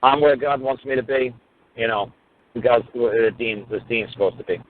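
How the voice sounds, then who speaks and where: At normal speed and in a mid-range voice, this man recounts a courtroom story as a radio talk host. His monologue is casual, emphatic and full of profanity, occasionally getting louder as he imitates other people, all heard through tinny phone-line sound.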